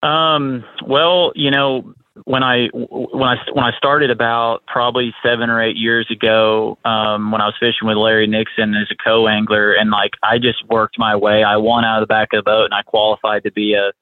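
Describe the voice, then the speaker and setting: A man being interviewed as a guest angler, talking in a relaxed, rambling way with many restarts. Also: on the low side, moderate pace, no room sound. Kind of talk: casual interview. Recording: tinny phone line.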